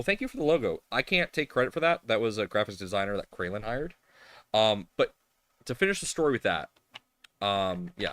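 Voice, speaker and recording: A man's voice: fairly low pitch, bright, forceful tone, no room sound. A man hosting a casual live stream from a home workshop, talking in a rambling way with lots of fillers and restarts. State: tearful at times. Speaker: live-stream host building a 3D printer.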